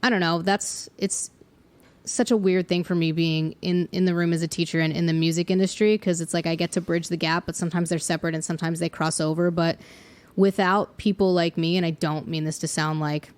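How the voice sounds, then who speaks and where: Young woman, chatty podcast guest, lowish voice, fillers and little laughs. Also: fairly even intonation, brisk. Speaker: songwriter and middle school music teacher. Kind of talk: casual podcast conversation.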